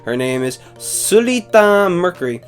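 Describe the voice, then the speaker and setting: A young man with a fairly high voice talks through an upcoming lineup in a loose, casual way. He reads plot summaries, then drops dry little jokes and opinions. Soft music plays faintly under him. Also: sing-song, unhurried. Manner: offhand, joking asides between read-out blurbs. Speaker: anime season preview host. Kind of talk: casual video commentary reading synopses.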